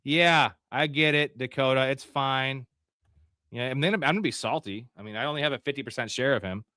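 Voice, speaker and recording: A man hosting a live fantasy football stream, reacting to a draft pick by pick with frequent swearing and sudden yelled outbursts. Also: mid-range voice, a little fast, no echo, studio quality. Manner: profane, frustrated, outbursts of yelling.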